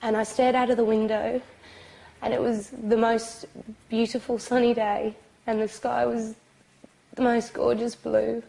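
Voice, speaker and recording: A British woman recounting a painful experience for a documentary, halting and hesitant, at times crying. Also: on the high side, flat delivery, vocal fry, warm tone, poor audio. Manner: halting, pausing, hesitant with many ums. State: crying, sobbing. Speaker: abuse survivor recounting her experience. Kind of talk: documentary testimony.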